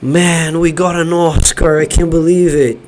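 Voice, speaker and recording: A man from Brazil hosting a live watch-party stream from his home studio, shouting elated cheers between chatty remarks. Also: a little high, level tone, measured pace. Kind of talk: excited live-stream chat.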